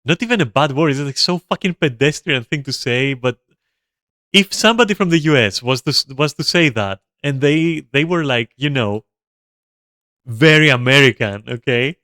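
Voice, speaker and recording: A man's voice: medium pitch, animated, moderate pace, pushed and bright, no room sound, studio quality. A young man streaming a video game, chatting casually to his viewers in a rambling, swearing, laugh-prone way. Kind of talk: casual gameplay commentary to chat.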